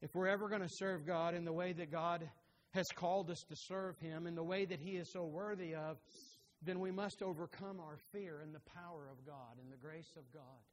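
A man with a high voice preaches a sermon and fills a big hall whose sound rings on after each phrase. He repeats words for emphasis and swings from loud declarations to hushed single words. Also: steady tone, moderate pace, a little hiss or hum. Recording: long reverb of a large hall.

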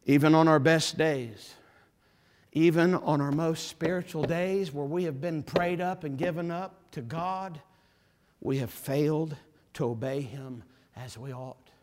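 Guy preaching a sermon, fired up, repeats stuff for punch, voice on the high side. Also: a little slow. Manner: impassioned preaching, rising to forceful emphasis; repeats phrases for emphasis. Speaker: pastor.

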